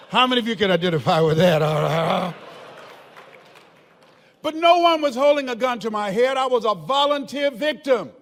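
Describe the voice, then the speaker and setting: An older man delivers a motivational speech in a very high, lively voice that swings up and down. He tells stories with emphasis, often shouting and laughing. A long reverb trails his words through the large hall. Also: normal speed, long pauses, slight background noise. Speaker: motivational speaker. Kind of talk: motivational speech to a live audience.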